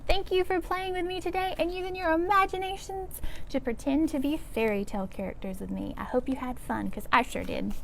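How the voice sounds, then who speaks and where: A woman's voice: very high voice, fairly even intonation, fairly quick, vocal fry, slight background noise. A woman hosting a library storytime, leading children through movements in an upbeat, encouraging way.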